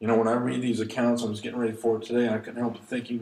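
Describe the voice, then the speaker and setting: Man, pastor, sermon, reads scripture then comments, slows for emphasis, average pitch, roomy echo. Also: little pitch movement, a little mellow. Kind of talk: expository sermon reading scripture. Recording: echoey room.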